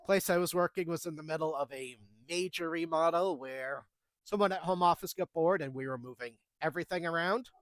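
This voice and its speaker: A man's voice: a little high, fairly quick, fairly bright tone, dry recording. A man in his thirties telling retail work stories in a casual, wry way, acting out the dialogue as he goes. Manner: chatty, wry, acts out the dialogue. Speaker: storyteller recounting retail jobs. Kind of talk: casual storytelling.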